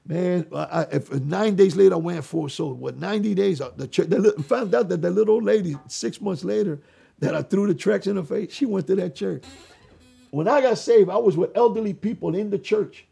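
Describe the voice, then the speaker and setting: A man giving a testimony in an interview, storytelling in an animated way and acting out the voices of people he quotes. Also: sits high, fairly quick, creaky, slightly rough. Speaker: interview guest.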